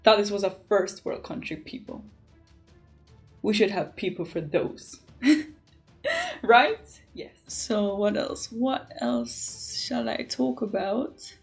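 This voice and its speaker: Jamaican woman vlogger, mid-pitched, chatty and emphatic, faint music behind. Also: slow, gravelly. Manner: animated, emphatic, frequent "like". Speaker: beauty vlogger. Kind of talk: casual chatty storytelling.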